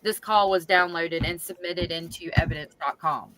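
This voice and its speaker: A woman reading case notes aloud in a plain, steady way on a live chat stream. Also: on the low side, normal speed, low-quality recording.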